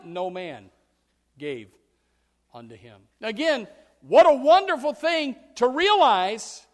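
A man with a high-pitched voice delivers a sermon as pastor. He swings from loud, animated quoted voices to low, quiet emphasis, with frequent restarts and repeated words. The delivery stays expressive and full of contrast throughout. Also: long reverb tail.

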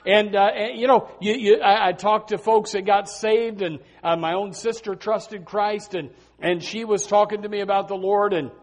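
A male pastor preaching a sermon, swinging between loud emphasis and hushed earnest lines, with many repeated words and restarts. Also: high-pitched, steady tone, moderate pace, hardly any pauses.

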